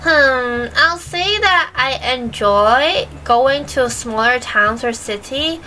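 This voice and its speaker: A virtual streamer with a high, sharp, animated voice and a mixed British-American accent reads chat questions during a casual stream. She speaks slowly, giggling as she hunts for words, and the poor audio carries a little hiss or hum.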